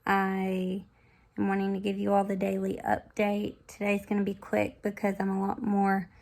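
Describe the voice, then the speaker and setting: This woman's medium-pitched voice is darkish and monotone, with vocal fry, at a normal speed. Short of breath, she chats candidly to her viewers in a casual health vlog, full of fillers.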